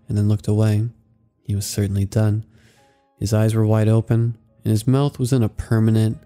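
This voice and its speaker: A man narrates a horror story in a measured, somber manner. His voice is low and gravelly, with a very dark, mellow tone, and soft music plays faintly behind him.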